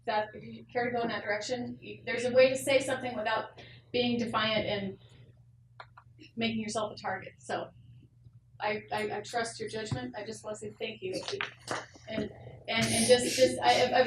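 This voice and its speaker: A woman's voice: fairly high pitch, far from the mic, noisy background. Hesitant woman in an echoey meeting room. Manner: hesitant, stammering restarts, conversational. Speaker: school board member. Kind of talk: meeting discussion. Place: school board meeting room.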